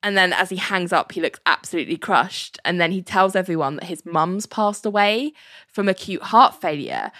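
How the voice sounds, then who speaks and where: A woman's voice: on the low side, a bit bright, no echo, studio quality. A woman casually recapping a show, chatty, acting out quoted lines and laughing often.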